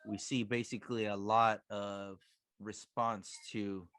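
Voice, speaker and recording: A man talking as a guest on a casual podcast, telling personal stories in a relaxed way. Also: fairly low pitch, takes it slowly, clean tone, no echo, studio quality.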